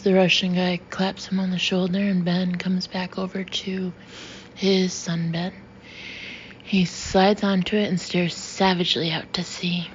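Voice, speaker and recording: A woman narrating a first-person audiobook in a wry, measured way. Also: lowish voice, flat delivery. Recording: dull lo-fi audio with faint hiss.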